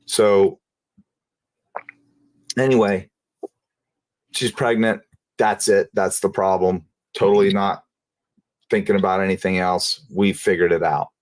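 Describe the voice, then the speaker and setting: A man telling a personal story in an interview, in a casual, halting way, often repeating and restarting phrases. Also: deep voice, steady tone, no echo. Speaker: interview guest.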